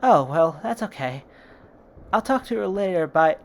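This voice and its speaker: A fan storyteller voicing a worried middle-aged mother who speaks softly and hesitantly. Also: medium pitch, expressive, unhurried, voice pushed up.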